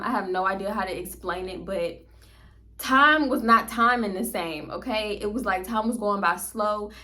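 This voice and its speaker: A woman vlogger telling a story to her viewers in a casual, animated way, often laughing and speaking straight to them. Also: medium pitch.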